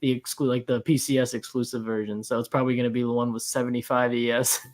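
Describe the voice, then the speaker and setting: A man's voice: medium pitch, level tone, quick pace. A man co-hosting a casual podcast chat, easygoing and teasing, thinking aloud as he talks. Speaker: podcast co-host.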